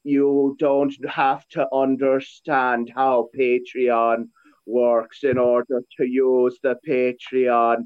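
A tired old Irishman, put on by a man, speaks in a put-on old Irish accent, dragging out each phrase at a crawl. His tone stays flat and smooth. The sound is thin and tinny, like a phone line. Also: mid-range voice. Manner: slow, flat, long drawn-out phrases. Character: weary old Irishman, slow and drained. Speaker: priest co-host. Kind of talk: comic put-on voice.

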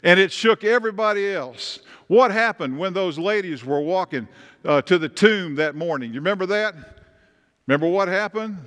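Male pastor, fairly high voice, chatty sermon, church hall reverb. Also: expressive, normal speed, fairly bright tone. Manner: conversational, asks the congregation questions. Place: church sanctuary.

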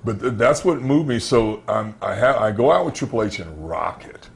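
A man's voice: fairly low pitch, moderate pace, creaky, breathy edge. A man, a former pro wrestler, telling stories from his career in an interview and acting out the dialogue. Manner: animated storyteller who acts out quoted dialogue. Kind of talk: interview storytelling.

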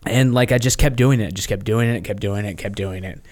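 A man's voice: lowish voice, brisk, darkish tone, slight background noise. A man, a podcast guest, telling stories in casual chat and acting out quoted voices, with many fillers.

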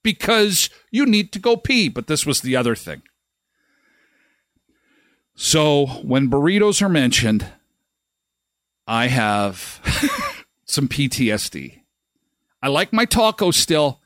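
A man's voice: medium pitch, very animated, takes it slowly, long pauses, fairly bright tone, no room sound, studio quality. A middle-aged man hosting a live daily show, telling a funny story casually. His voice jumps up when he retells the moments that annoyed him.

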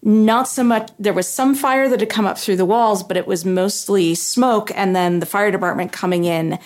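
A woman's voice: mid-range voice, normal speed, a little mellow. A woman co-hosting a podcast, talking reflectively and thinking aloud with fillers. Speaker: podcast co-host. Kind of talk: casual chat.

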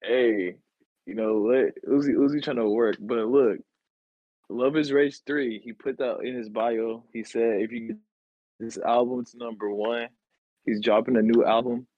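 A man's voice: medium pitch, fairly even intonation, measured pace, no echo. A man joins a casual music chat as a guest. He talks easygoing and uses slang, often restarting his sentences. His voice comes through a slightly dull, lo-fi mic in a dry room. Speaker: guest, friend of the host. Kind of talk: casual album review chat.

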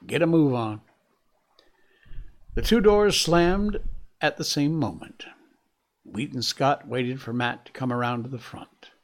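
Slow, gravelly male storyteller. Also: mid-range voice. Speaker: audiobook narrator. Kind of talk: scripted narration of a classic novel.

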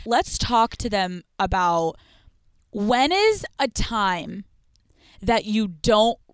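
A woman's voice: mid-range voice, big pitch swings, very slow, smooth, no room sound, studio quality. A young woman co-hosting a podcast in a casual chat, blunt and profane, acting out the lines she quotes. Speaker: podcast co-host.

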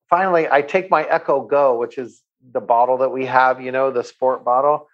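A man of medium pitch tells a long anecdote on a talk show, animated and acting out the voices of the people he quotes. His audio sounds a little dull and lo-fi. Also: moderate pace, hardly any pauses. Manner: animated storyteller who acts out quoted voices. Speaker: guest, water company owner. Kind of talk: casual chat, anecdote telling.

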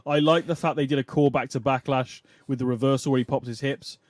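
A man co-hosting a wrestling podcast, talking casually and quickly, hedging often as he makes his points. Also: medium pitch, steady tone, darkish tone, no echo, clean studio sound. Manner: quick, conversational, hedging with "I mean". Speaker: podcast co-host.

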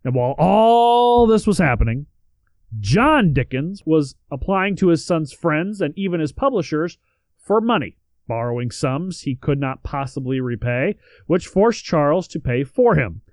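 A man's voice: on the high side, very animated, unhurried, darkish tone, no echo. A man co-hosting a podcast, reading out history in a casual way with joking asides and the odd swear word. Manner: reads facts then adds joking asides and swearing. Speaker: podcast co-host.

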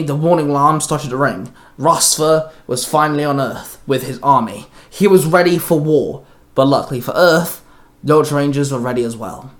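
A man hosting and reading fan fiction aloud in a chatty, casual way. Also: a little high. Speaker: storyteller and host.

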